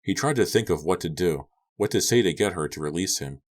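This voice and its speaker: Very deep-voiced male audiobook narrator. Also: animated, fairly quick.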